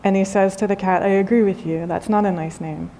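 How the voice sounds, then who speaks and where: A woman, a spiritual teacher, giving a gentle, unhurried talk with storytelling and soft emphasis. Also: medium pitch, steady tone, slight background noise. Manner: gentle, unhurried, softly emphatic, with light laughs. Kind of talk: spoken dharma talk with storytelling.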